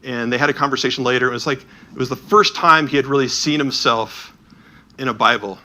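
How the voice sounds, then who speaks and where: A man with a mid-range voice, touring with an edition of the Bible, gives a storytelling talk full of lively anecdotes. He throws in quick asides and acts out the people in his stories.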